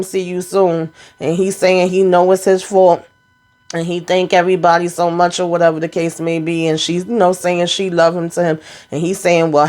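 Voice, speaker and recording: A woman hosting a casual TV episode recap, retelling scenes by quoting the characters in a chatty, colloquial way with amused asides. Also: lowish voice. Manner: frequent asides and exclamations, amused commentary. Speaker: TV recap host.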